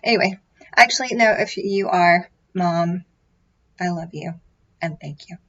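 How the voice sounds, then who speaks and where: Slow, rambling woman vlogging to camera. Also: lowish voice, a bit bright, highs cut off. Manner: rambling, self-deprecating, many fillers and restarts. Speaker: tarot vlogger. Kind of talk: casual chat to camera. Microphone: built-in microphone array.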